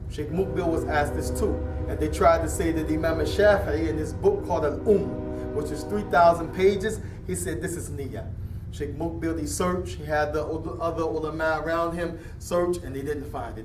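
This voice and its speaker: A man teaching a religious class, lively and animated, slipping Arabic terms into his English. His voice sits a little high, and he sounds set back from the mic in a roomy, echoing space with faint background noise. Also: recorded from a distance. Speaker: Islamic teacher. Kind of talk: classroom lecture with questions.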